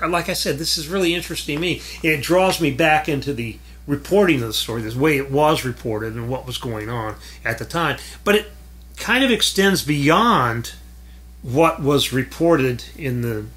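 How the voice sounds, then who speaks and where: A film critic hosts a casual commentary about what he's been watching, rambling, correcting himself and tossing in chuckling asides. His mid-range voice sounds pushed and bright.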